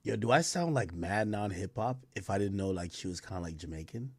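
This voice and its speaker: A man's voice: on the low side, lively intonation, brisk, slightly rough, no room sound. A man in a casual live stream who rambles animatedly with lots of slang.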